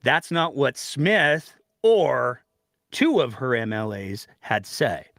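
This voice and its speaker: A man's voice: mid-range voice, takes it slowly, no room sound, studio quality. Sarcastic man hosting political commentary. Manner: sarcastic, animated, puts on mocking voices.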